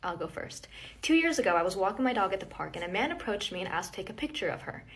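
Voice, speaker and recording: A woman's voice: mid-range voice, very animated, quick pace. A woman casually telling a personal story, chatty and addressing viewers directly.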